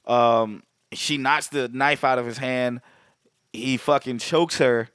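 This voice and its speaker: A man talking casually on a podcast, tossing out swear words and laughs as he recaps a story. His voice sits at an ordinary middle pitch. It sounds close and dry, with no room around it. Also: fairly even intonation, slow, a bit bright, clear, resonant tone, no room sound. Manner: loose, profane, laughing recaps. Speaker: podcast co-host. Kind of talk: casual chat.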